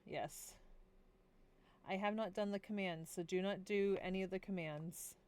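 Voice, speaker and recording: A woman's voice: mid-range voice, measured pace, a little mellow, clear, resonant tone. A tired woman streaming a worldbuilding session, chatting casually, giggling often and talking to her pets.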